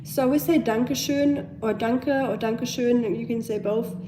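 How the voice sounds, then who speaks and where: A young German woman with a German accent, a bit hoarse from a cold, chatting casually on a home live stream, reading viewer comments and talking to her pets. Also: fairly high pitch, fairly even intonation, moderate pace, noisy background. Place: at home, indoors.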